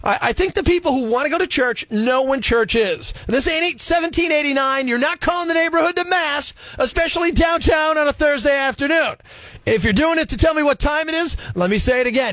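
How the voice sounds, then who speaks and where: A man's voice: very high-pitched, fairly quick, fairly bright tone, dry recording. A man hosting a morning radio show, wisecracking and ranting with energy between caller calls. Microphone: studio mic.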